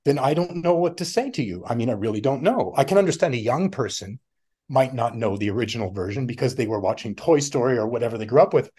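A middle-aged man talking casually as a podcast guest, rambling and animated, often laughing and acting out other people's voices. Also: medium pitch, breathy edge. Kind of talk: casual conversation.

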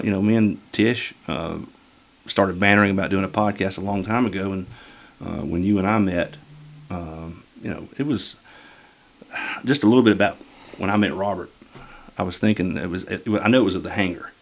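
A man with a low, gravelly voice hosts a relaxed podcast conversation. He rambles loosely, and his sentences are full of hesitations and uh-filled pauses. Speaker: podcast host. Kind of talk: casual chat.

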